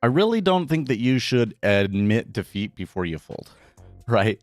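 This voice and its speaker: A man's voice: mid-range voice, very animated, measured pace, dry recording, soft background music. A man talking casually on a live trading stream, thinking aloud with frequent restarts and tangents.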